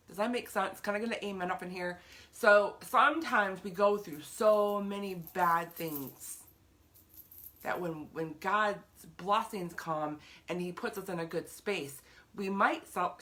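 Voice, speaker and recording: A faith vlogger with a bright, medium-pitched voice gives her viewers an earnest, chatty talk about faith. She greets live viewers by name and often repeats herself for emphasis.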